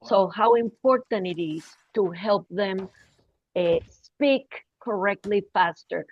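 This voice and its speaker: Slow-talking woman on a dull video call. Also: mid-range voice. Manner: slow, halting, many fillers. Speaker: session leader, teacher trainer. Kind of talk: online teacher training talk.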